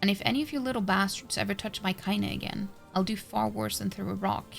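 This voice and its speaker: A woman voicing a fierce, foul-mouthed old grandmother from a game, gruff and threatening. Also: on the high side, normal speed, a bit bright, soft background music, pitched above the performer's own voice.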